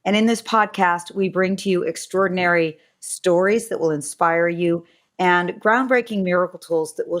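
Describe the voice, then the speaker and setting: A middle-aged woman hosting a podcast interview, effusive and gushing with praise. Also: fairly low pitch. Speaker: podcast host.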